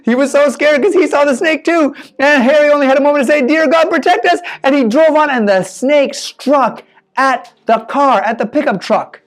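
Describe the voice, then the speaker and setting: Animated male storyteller with sound effects. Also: very high-pitched, normal speed. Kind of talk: children's story telling.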